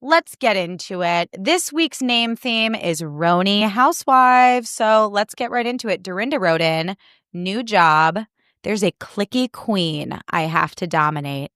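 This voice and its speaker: A woman's voice: medium pitch, lively intonation, measured pace, fairly bright tone, smooth, no room sound. Young woman, podcast host from Chicago, heated and swearing freely, dry close mic. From Chicago, US Midwest. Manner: heated profanity-laced rant. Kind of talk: casual chat.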